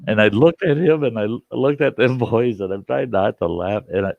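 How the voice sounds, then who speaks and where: An older man, the host, telling a story in a folksy, chuckling way with rough country grammar, on a dull, dry lo-fi recording. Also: mid-range voice, normal speed, no room sound. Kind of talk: casual spoken storytelling.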